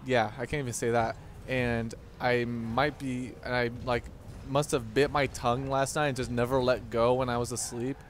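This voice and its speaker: A young man hosting his gaming channel, giving excitable, mock-instructional commentary over gameplay with frequent swearing and outbursts. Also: medium pitch, normal speed, slight background noise.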